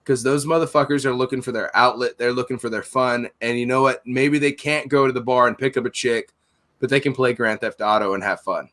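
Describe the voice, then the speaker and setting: A man's voice: medium pitch, steady tone, a little fast, fairly bright tone. A middle-aged man telling a heated story in casual podcast chat, blunt and swearing constantly, acting out both sides of an argument. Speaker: podcast host, store owner.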